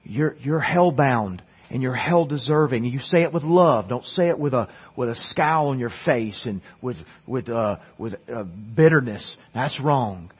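Husky-voiced preacher, dull lo-fi sound. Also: male voice, mid-range voice, normal speed, hardly any pauses. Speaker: pastor. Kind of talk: sermon. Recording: dull lo-fi sermon recording.

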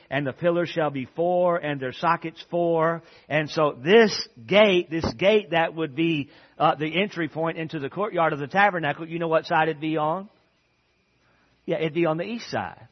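A man preaching a sermon, asking the congregation questions and answering them himself. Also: on the high side. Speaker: pastor. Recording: dull lo-fi audio.

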